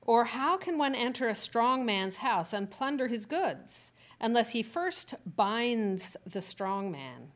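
A woman reading Bible verses aloud in a steady, measured way during a Bible study. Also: on the high side. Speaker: scripture reader.

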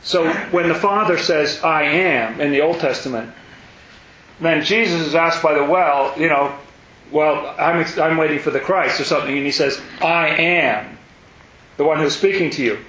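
A man teaching a Bible study in a meeting room, chatty and fond of wandering asides. His voice sits a little high and bounces around an echoey room. The recording is muffled and dull, with a faint hiss underneath. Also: moderate pace, a bit bright. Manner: chatty and digressive, with self-deprecating asides. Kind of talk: informal Bible lesson.

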